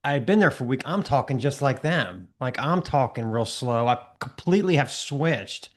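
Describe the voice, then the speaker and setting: A man hosting a podcast, speaking with a Maryland accent. He is a chatty storyteller who tosses in quick asides. His voice sits in a middle register and stays conversational. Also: medium pitch, lively intonation. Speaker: podcast host.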